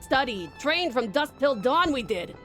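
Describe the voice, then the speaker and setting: A woman voicing a burly, boisterous giant man in a video game, with a put-on New York mobster accent and a loud, hearty delivery. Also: sits high, sing-song, unhurried, soft background music, heavily acted.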